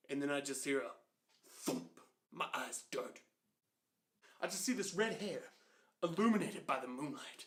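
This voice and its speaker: A man in his twenties telling a comedic childhood story in an animated, conversational way, with quick asides to the listener. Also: mid-range voice. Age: 20s.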